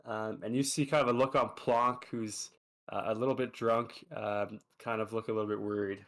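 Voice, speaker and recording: Gravelly man running a tabletop game. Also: fairly low pitch, flat delivery, a bit bright. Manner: chatty, quick bursts with many fillers. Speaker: dungeon master.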